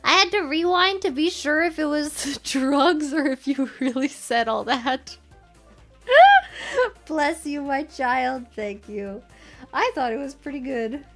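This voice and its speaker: A young woman streamer casually telling a story, animated and giggly, often breaking into laughter. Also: high-pitched, slow, faint music behind.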